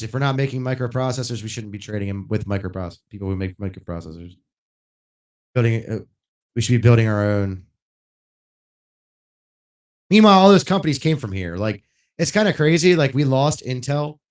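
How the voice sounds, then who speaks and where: A man ranting casually and bluntly while streaming a game, swearing often and getting louder when worked up. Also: mid-range voice, fairly quick, pauses often. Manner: blunt and profane, rising loud when worked up. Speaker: gaming livestreamer.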